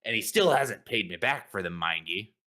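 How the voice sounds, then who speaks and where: A man's voice: fairly low pitch, animated, a little slow, pushed and bright, heavily acted. A man voicing a rustic male blacksmith in a tabletop game, with folksy, hesitant, rambling talk. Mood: ranting. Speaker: player. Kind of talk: in-character tabletop role-play.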